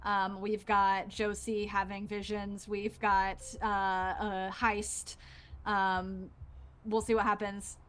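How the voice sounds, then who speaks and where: A woman's voice: mid-range voice, level tone, slow, a bit bright, slight background noise. A woman running a tabletop role-playing game, narrating scenes casually with many fillers. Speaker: game master.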